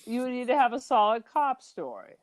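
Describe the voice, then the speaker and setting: Lively, teasing female podcast co-host. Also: a little high, moderate pace, crowd noise. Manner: teasing, joking, sarcastic asides. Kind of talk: casual movie discussion.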